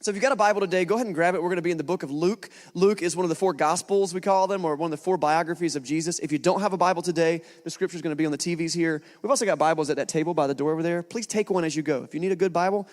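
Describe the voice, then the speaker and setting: A man in his thirties preaching a sermon, telling stories with lively acted-out quotes. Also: fairly high pitch, rapid-fire, hardly any pauses. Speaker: pastor. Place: church hall. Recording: long church hall reverb.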